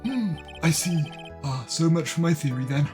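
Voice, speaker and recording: A man's voice: a little high, lively intonation, moderate pace, voice pushed up, lightly acted. A man doing a musing old judge. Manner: ponderous, musing hums. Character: fussy elderly male courtroom judge. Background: game music.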